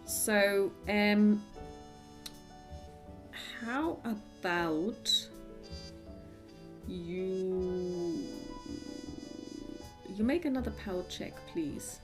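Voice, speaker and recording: A woman narrates as the game master of a tabletop game, describing each scene in an unhurried, halting way. Her voice sits at a middling pitch, and soft music plays underneath. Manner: descriptive, with frequent fillers and restarts.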